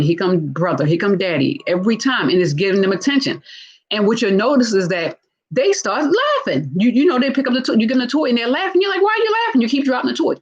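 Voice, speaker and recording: A woman hosting a live casual teaching talk, animated and acting out what people say, with frequent checks of "right?". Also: mid-range voice, slightly rough, highs cut off. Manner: animated, acts out quoted speech, frequent "right?". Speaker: host discussing narcissistic relationships.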